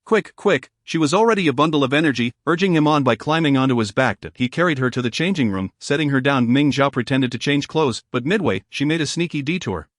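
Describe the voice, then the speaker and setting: Man, audiobook narrator, steady smooth reading, middle pitch, dry close sound. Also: fast talker, few pauses, no echo. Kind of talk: audiobook narration of a romance novel.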